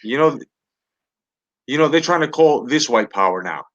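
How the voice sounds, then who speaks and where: A man's voice: mid-range voice, expressive, moderate pace, fairly bright tone, dull audio. A man hosting a live talk stream, ranting heatedly and profanely, with many restarts and repeated words. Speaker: livestream talk show host. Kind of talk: heated political rant to a live chat.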